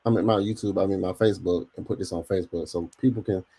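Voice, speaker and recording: Guy hosting a casual stream, husky slangy voice, chats to viewers. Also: deep voice, fast. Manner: slangy, animated, addresses chat directly. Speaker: podcast host. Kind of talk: casual livestream chat.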